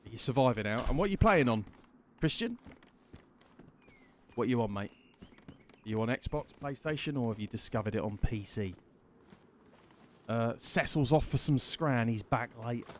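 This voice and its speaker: A man talks casually through a live game stream, his pitch swinging widely as he chats. He greets viewers by name and swears freely along the way. A faint hum of ambient sound sits behind him. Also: animated, normal speed. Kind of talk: casual live-stream chat while gaming.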